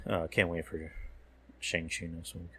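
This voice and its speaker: A man's voice: sits low, flat delivery, normal speed, bright, forceful tone, husky. A man hosting a podcast, casually recapping a film trailer while watching a show, rambling and swearing, often losing his words. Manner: rambling, profane, loses words mid-sentence. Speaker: podcast host.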